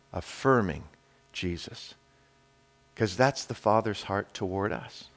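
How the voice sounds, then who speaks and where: A man's voice: fairly low pitch, creaky. Emphatic male preacher. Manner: emphatic, shifts between loud declarations and quiet hushed lines; addresses the congregation directly with rhetorical questions. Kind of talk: sermon.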